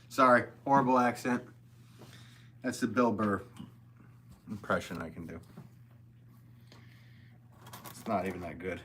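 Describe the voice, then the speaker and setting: A man's voice: on the low side, measured pace, long pauses, a bit bright, a little hiss or hum. A man, a potter hosting a livestream, talking loosely in a casual, rambling way and reading viewer comments aloud. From American Northeast.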